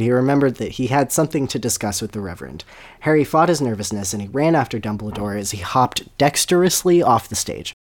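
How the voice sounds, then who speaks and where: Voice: medium pitch, a little mellow. A podcast host reading fan fiction aloud with sarcastic, giggly narration.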